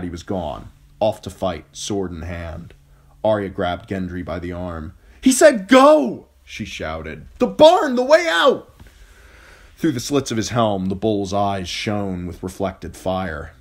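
A male audiobook narrator with a deep, low voice, reading a fantasy chapter aloud. He tells the story steadily, fixing an occasional slip as he goes. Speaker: audiobook reader. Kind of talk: scripted narration.

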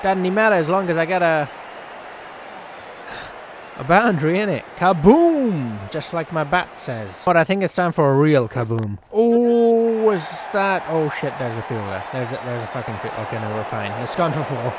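A man's voice: a little high, very animated, moderate pace. A man giving casual, exasperated gameplay commentary, swearing and cracking jokes. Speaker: gaming YouTuber. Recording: loud game crowd and noise behind. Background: game crowd and ambience.

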